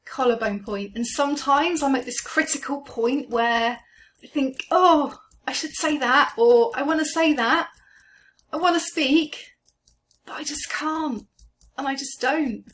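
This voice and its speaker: A woman coaching a guided EFT tapping session, speaking slowly and gently as she names each tapping point. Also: sits high. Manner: slow, gentle, soothing guidance.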